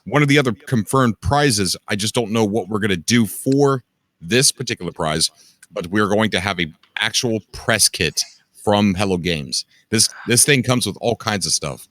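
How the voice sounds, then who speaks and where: A man's voice: on the low side, lively intonation, moderate pace, fairly bright tone, dry recording. A man hosting a gaming stream, chatting casually and easygoing with callers, often saying "dude" and "man". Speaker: stream host. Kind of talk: casual chat.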